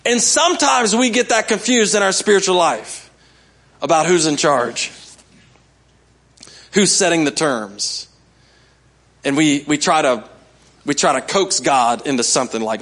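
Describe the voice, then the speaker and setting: A man's voice: fairly high pitch, animated, unhurried, pauses often, fairly bright tone. A male pastor giving a sermon in a conversational way, coaxing the congregation to respond.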